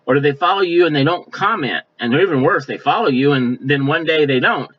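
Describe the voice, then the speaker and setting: A male pastor preaching a sermon in a folksy, conversational way, now and then mimicking offended people in quick asides. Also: on the high side, expressive. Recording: dull lo-fi sound.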